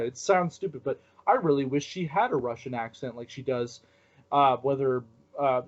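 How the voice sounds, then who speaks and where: A man hosting a casual podcast chat, joking and voicing strong opinions. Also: mid-range voice. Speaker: podcast host. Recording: dull lo-fi podcast audio.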